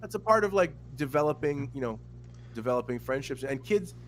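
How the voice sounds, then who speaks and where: A man co-hosting a podcast, in casual profane chat, animated and full of mimicry. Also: medium pitch, fairly quick. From Miami. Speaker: podcast co-host.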